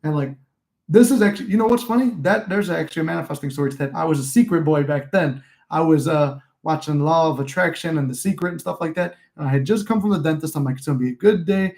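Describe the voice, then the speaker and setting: A man's voice: a little high, quick pace, creaky, a little mellow. A young man in his twenties telling rambling, profane stories in a casual livestream chat, reading viewer comments aloud. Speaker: livestream host.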